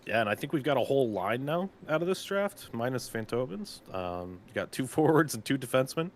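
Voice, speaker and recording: Casual male team manager rattling off draft picks, loose and chatty, mid-pitch voice. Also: very animated, normal speed, a bit bright, slight background noise. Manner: chatty, loose, lots of filler words. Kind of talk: casual live draft commentary.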